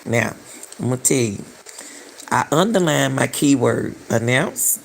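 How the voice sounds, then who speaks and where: A middle-aged woman hosts a commentary channel, casually discussing a missing-person case in a very deep, expressive voice with vocal fry. She speaks at a measured pace, emphatic and repetitive, firing off rhetorical questions. Slight background noise is audible.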